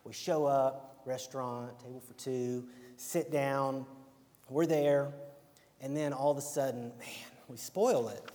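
A man's voice: mid-range voice, steady tone, a little slow, dark tone. A young man with an Alabama accent giving a casual, conversational sermon, often checking in with "right?". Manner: conversational, keeps asking "right?". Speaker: preacher. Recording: long hall reverb.

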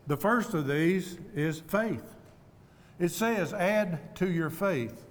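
A man preaching an evening sermon, earnest and humble, speaking in a measured way with deliberate pauses. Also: sits high, background noise. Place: church auditorium. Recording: long reverb of a church hall.

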